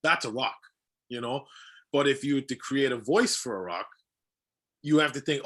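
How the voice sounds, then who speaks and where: Bright-voiced voice actor man, eager. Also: medium pitch, normal speed. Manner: eager, explains with examples, many fillers and restarts. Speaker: voice actor guest. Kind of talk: casual podcast chat.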